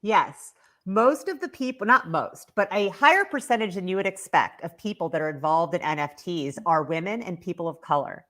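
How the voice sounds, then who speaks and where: Woman guest on a live online panel, animated promoter, casual fillers. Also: lowish voice, normal speed. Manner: enthusiastic, promotional, many filler ums. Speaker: guest speaker. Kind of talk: livestream panel interview. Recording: online video call.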